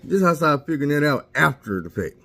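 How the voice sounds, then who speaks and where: A man's voice: a little high, sing-song, quick pace, vocal fry, sharp tone. A man casually telling a candid, profane story about himself and mocking his own mistakes.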